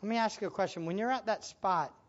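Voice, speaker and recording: A man preaching as pastor, swinging between loud excited exclamations and hushed prayer, often laughing and asking the listeners questions. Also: high-pitched, fast talker, dull audio. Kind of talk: sermon.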